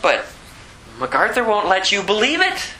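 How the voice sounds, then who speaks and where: A man's voice: sits high, wildly swooping pitch, moderate pace, bright, forceful tone, slight background noise, rough recording. A man giving an informal sermon as a Bible teacher, emphatic and conversational, repeating phrases for effect. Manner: conversational with asides.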